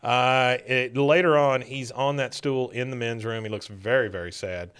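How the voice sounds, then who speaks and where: A man's voice: mid-range voice, fairly even intonation, normal speed, a bit bright. A man co-hosting a podcast, casually retelling an episode in a rambling, filler-heavy way. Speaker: podcast co-host.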